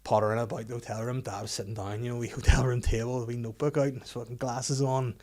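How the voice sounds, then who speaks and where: A man with a Northern Irish accent telling funny stories in casual podcast chat, animated and often laughing. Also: mid-range voice, quick pace, a crowd in the background. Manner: animated, laughing storyteller with lots of restarts. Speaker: podcast co-host.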